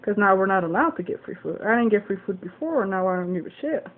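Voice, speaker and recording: A woman's voice: medium pitch, animated, fast. A woman telling a story into her phone camera, swearing freely and acting out both sides of an argument. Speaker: vlogger. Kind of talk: casual venting story. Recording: tinny phone-like audio, faint hiss.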